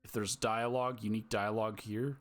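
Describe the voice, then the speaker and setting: A man's voice: on the low side, little pitch movement, fairly quick. A man giving casual gameplay commentary, chatty and thinking aloud, his throat dry from having just woken up. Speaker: gamer streamer.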